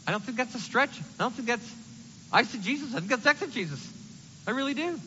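A man preaching a sermon in an animated, conversational way, acting out the quotes he reads. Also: very high voice, quick pace, long reverb tail, dull audio, a little hiss or hum.

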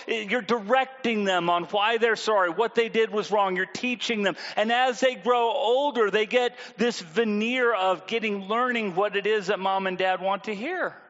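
High-voiced male preacher in a reverberant hall. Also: moderate pace, few pauses, fairly bright tone, muffled recording. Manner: conversational, asks the congregation questions. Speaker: pastor. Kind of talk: sermon.

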